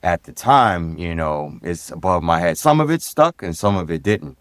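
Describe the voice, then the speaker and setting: A middle-aged man from Brooklyn with a New York accent, a guest telling relaxed stories about his upbringing in an interview. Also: sits low, moderate pace, no echo. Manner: easygoing, reflective, repeats phrases. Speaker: guest, retired police lieutenant and DJ. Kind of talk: casual interview storytelling.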